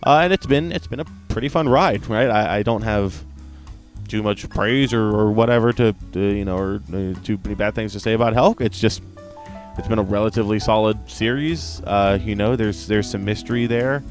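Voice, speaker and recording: A man's voice: lowish voice, moderate pace, soft background music. A man reviewing anime in a casual, rambling way, with lots of fillers, restarts and tag questions, laughing often when something amuses him. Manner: rambling, many restarts and fillers, frequent "right?".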